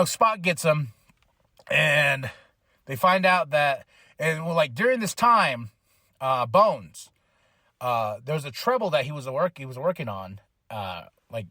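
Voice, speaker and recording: A man's voice: mid-range voice, pushed and bright, dry recording, studio quality. A man hosting a podcast, casually retelling a film plot in a slangy, rambling way full of fillers. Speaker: podcast host. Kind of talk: casual movie review recap.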